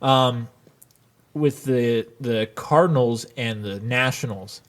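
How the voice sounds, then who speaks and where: A man's voice: mid-range voice, slow pace. A man co-hosting a casual podcast chat and earnestly explaining his sports predictions. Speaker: podcast co-host.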